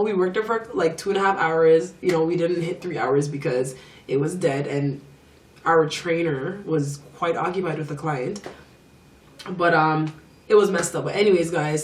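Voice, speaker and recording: Young woman, lively slangy storyteller; roomy, distant mic. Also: on the low side. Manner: animated, slangy, acts out quotes. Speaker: vlogger. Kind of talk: storytime vlog.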